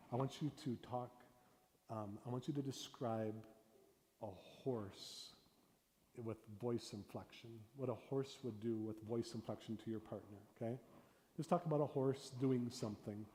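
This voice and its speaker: A pastor teaching a storytelling workshop, animated, swinging between loud bursts and hushed talk. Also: male voice, medium pitch. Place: church hall. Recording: reverberant hall with faint room noise.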